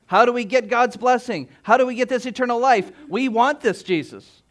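A man's voice: extremely high pitch, normal speed. A man preaching a sermon as pastor, emphatic, with rhetorical questions and repeated phrases.

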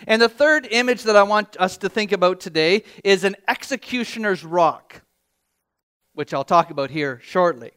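A man preaching to his congregation. His voice sits high for a man and rings smooth and clear. He talks in a loose, conversational way, restarting phrases and putting questions to his listeners. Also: expressive, normal speed, a bit bright. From Canada. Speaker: pastor. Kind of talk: sermon.

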